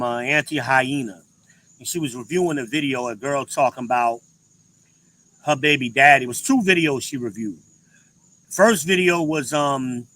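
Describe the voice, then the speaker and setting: A man's voice: on the high side, bright, forceful tone, low-quality recording. A man hosting a show, giving a blunt, profane commentary with emphatic inflections. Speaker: podcast host. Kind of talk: ranting commentary.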